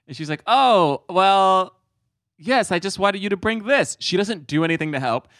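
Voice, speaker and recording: A man chatting casually as a podcast co-host, his slightly high voice swooping widely as he retells scenes. He gets animated and acts out the lines he quotes. The sound is dry and close. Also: normal speed, no echo. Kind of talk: casual chat.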